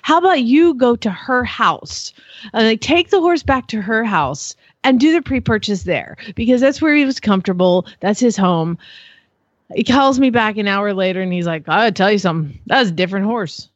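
A woman, co-hosting a podcast and telling a story in a casual, animated way, acting out the people she quotes. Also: moderate pace, no room sound, highs cut off. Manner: animated storyteller who acts out quotes in exaggerated high voices. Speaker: podcast co-host.

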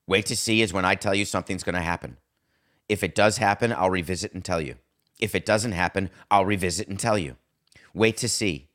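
A middle-aged man hosting a sports talk show, animated and sarcastic, slipping into mocking voices. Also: sits low, fairly quick. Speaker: podcast host.

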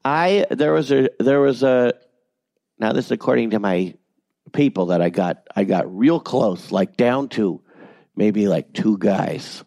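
A man who works as a voice actor, telling animated, self-deprecating stories in a casual interview and swearing freely. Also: lowish voice, measured pace, dry recording. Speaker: voice actor guest.

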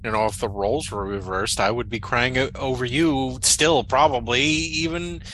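A man's voice: medium pitch, moderate pace, a bit bright, slight background noise, lightly acted, poor audio. A man voicing a grown man who mimics his dead friend's voice, goading and mock-mournful, in a comedic audio drama.

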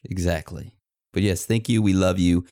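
A man's voice: low-pitched, steady tone, normal speed, warm tone, dry recording, studio quality. A man co-hosting a casual podcast, laid-back and jokey as he introduces listener voicemails. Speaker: podcast co-host.

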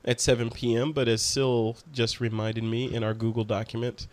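A man's voice: medium pitch, level tone, moderate pace, a little mellow. A man hosting a photography podcast, chatting casually with his guest and reading out closing announcements in an upbeat way. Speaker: podcast host.

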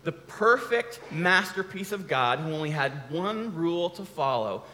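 A man's voice: on the high side, big pitch swings, measured pace, bright, forceful tone, slight background noise. A man giving a casual, conversational sermon, often restarting his sentences. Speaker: preacher. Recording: long hall reverb.

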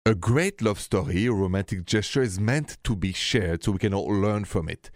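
A man's voice: fairly low pitch, normal speed, no echo, clean studio sound. Man in his fifties hosting radio. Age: 50s. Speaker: radio host. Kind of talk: late-night radio call-in show.

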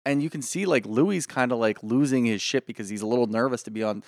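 A man co-hosting a casual podcast chat, opinionated and animated, swearing freely. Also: mid-range voice, fast, no room sound, clean studio sound. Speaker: podcast co-host.

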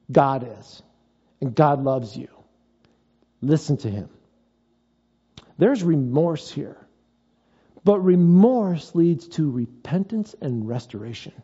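A pastor preaching in a mellow voice. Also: male voice, fairly high pitch, lo-fi sound. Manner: conversational preaching with personal stories. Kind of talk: sermon.

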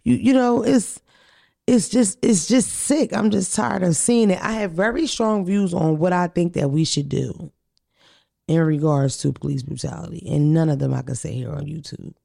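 A woman's voice: lowish voice, moderate pace, gravelly, dark tone. A woman from Philadelphia hosting a podcast in casual chat, blunt, profane and heated. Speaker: podcast host.

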